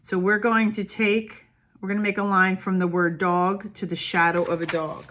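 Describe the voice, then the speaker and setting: A woman preschool teacher reads a picture book and walks small children through worksheets. She is slow, patient and encouraging, asking the little ones questions as she goes. Her voice is medium-pitched and a bit bright with little pitch movement, over a little hiss or hum.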